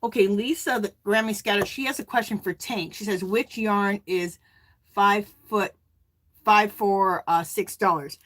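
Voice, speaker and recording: A middle-aged woman hosting a casual live stream, chatting and reading viewer comments aloud in a warm, emotional way. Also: mid-range voice, a little slow. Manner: warm and emotional, near tears.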